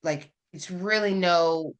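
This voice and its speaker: This woman speaks in a lowish voice and takes her time. She's a podcast guest in a casual chat, candidly recounting a personal story with plenty of fillers.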